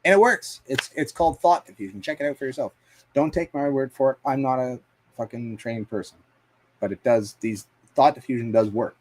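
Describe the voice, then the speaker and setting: A man talks casually on a livestream at a middle pitch. He rambles through his stories with plenty of swearing and filler words, laughing now and then. He reacts to viewer comments in a blunt, offhand way. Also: fairly quick, darkish tone. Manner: profane, rambling storytelling with frequent fillers and laughs. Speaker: livestream host.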